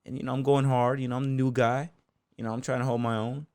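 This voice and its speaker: A man's voice: mid-range voice, flat delivery, fast talker, a little mellow, clean tone, dry recording. A man from the United States, a podcast guest telling casual stories in a loose, rambling way, full of fillers like "you know" and "man". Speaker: podcast guest, bull rider and gym owner. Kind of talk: casual storytelling interview.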